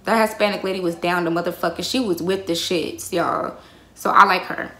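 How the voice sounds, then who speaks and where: Young woman venting a storytime to the camera, lots of cussing, bright voice, echoey room. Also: lowish voice, steady tone, a little fast. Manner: heated, profane, addresses viewers as y'all. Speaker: vlogger. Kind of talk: storytime rant to viewers. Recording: roomy echo.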